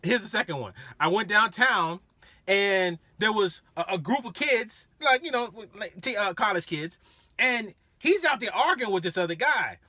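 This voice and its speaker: Male rideshare driver, lively storyteller, high bright voice, dry sound. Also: normal speed, no room sound. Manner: animated, laughing, acts out voices. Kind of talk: casual storytelling.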